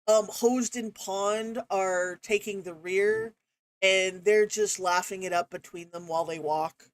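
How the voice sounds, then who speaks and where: A woman's voice: mid-range voice, no room sound. A woman running a tabletop game as game master, talking casually with many fillers.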